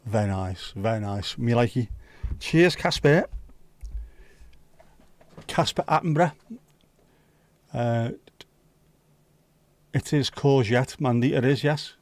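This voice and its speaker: A man hosting a livestream, chatting casually with viewers and cracking sweary jokes and quick asides. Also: mid-range voice, darkish tone, no echo. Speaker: livestream host. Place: home livestream setup.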